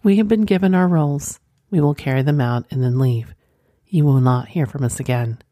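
A confident, formal male stranger who speaks in steady, measured phrases, voiced by a woman. The voice is low and warm, and the recording is close and dry. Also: no echo.

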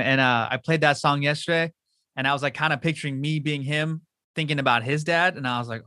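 A man's voice: fairly high pitch, fast, sharp tone, dry recording, studio quality. A man hosting a casual chat, slangy and swearing freely, from Southern California. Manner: swears a lot, slangy and loose. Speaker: podcast host. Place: home.

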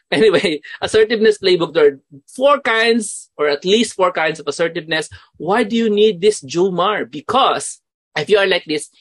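A man with a Filipino accent gives an animated, casual spoken lesson. He often asks his listeners questions and drops quick Tagalog asides. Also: sits high, no room sound. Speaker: mentoring course instructor.

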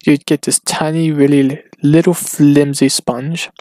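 A man talking alone on his podcast in a rambling, casual way, halting often and restarting his sentences. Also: fairly high pitch, flat delivery, dark tone, no echo. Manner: hesitant, halting, full of restarts and fillers. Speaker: solo podcaster. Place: at home.

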